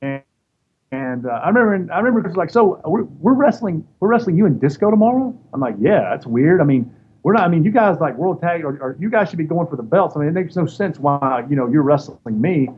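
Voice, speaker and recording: Animated man telling a story. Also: fairly high pitch, brisk. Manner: animated storyteller acting out quoted voices. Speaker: interview guest, former wrestler. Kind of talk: casual storytelling. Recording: dull lo-fi sound with faint noise.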